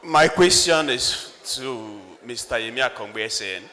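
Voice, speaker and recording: Brief: middle-aged man, lawyer in the audience, bright sharp tone, deliberate, reverberant hall. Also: mid-range voice, lively intonation. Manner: earnest, deliberate questioner. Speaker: lawyer asking a question.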